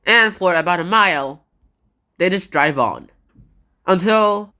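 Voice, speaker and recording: A woman's voice: on the low side, animated, slow pace, long pauses, bright, forceful tone. A woman giving a casual, playful book summary and acting out the dialogue. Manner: chatty, playful, acts out dialogue.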